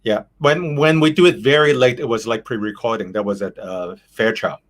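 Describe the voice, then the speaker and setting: A Canadian man hosts a casual talk over a video call with a fairly low voice. He speaks hesitantly and keeps filling gaps with ums and uhs. He often restarts his sentences. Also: normal speed. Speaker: host. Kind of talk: casual interview chat.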